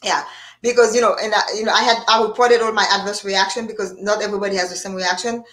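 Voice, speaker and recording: A woman's voice: medium pitch, fast talker. A woman hosting a casual live chat, talking freely with frequent restarts and bursts of laughter. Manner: animated, laughing, many restarts. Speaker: show host.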